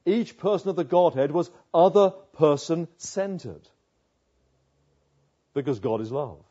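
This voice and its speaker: Man preaching, husky and mellow, emphatic, repeats words, rhetorical questions. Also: a little high, animated, measured pace, dull audio. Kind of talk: sermon.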